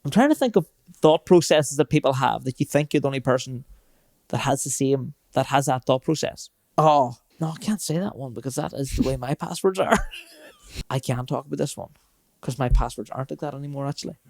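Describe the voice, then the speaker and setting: A man talks into a dry close podcast mic at an ordinary middle pitch. He tells stories in a loose, chatty way and often laughs while talking. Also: a little fast, gravelly, darkish tone, dry recording. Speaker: podcast co-host. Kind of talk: casual chat.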